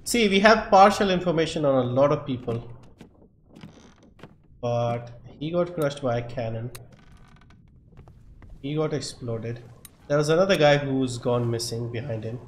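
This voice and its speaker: Male streamer, unhurried, puzzles aloud and mutters to himself; roomy echo, faint hiss. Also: medium pitch. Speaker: game streamer. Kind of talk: live gameplay commentary. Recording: echoey room, faint background noise.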